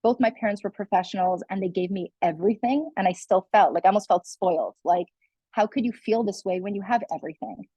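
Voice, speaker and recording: A woman's voice: medium pitch, fast talker, mellow, breathy edge, dry recording, highs cut off. A young adult woman, a guest speaker, telling her personal story in a candid, earnest way with many "like" and "you know" fillers. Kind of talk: personal testimony in a conversation.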